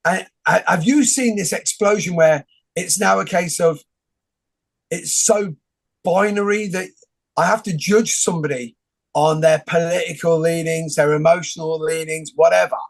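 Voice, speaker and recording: Gravelly, higher-pitched male host. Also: normal speed. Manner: rambling, joking, many restarts. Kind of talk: casual conversation.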